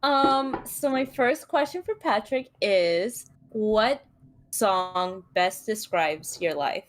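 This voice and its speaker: A woman's voice: medium pitch, lively intonation, takes it slowly. A woman calling in to a livestream, chatting casually and teasing with frequent giggles. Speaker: call-in guest.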